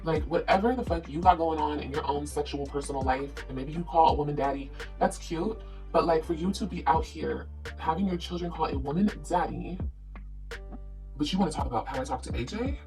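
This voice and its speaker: A woman's voice: deep voice, fairly quick, a little mellow. Play her as a blunt, foul-mouthed woman vlogger ranting over background music. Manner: blunt, profane, confrontational. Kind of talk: ranting live video.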